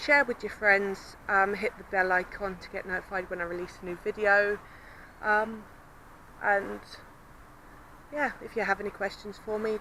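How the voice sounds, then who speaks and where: A chatty woman with a southern English accent, rambling cheerfully through an outdoor vlog by the water. Her voice is bright and forceful, carrying well in the open air. Faint outdoor ambience with birds sits behind her. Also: medium pitch, a little hiss or hum, rough recording. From Southampton, southern England. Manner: chatty, rambling, self-described babbling. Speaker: vlogger. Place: outdoors by a river with swans and ducks.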